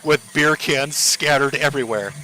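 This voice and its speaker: A man's voice: mid-range voice, normal speed, bright, forceful tone, slight background noise. A man streaming live, giving profane, mocking commentary over clips.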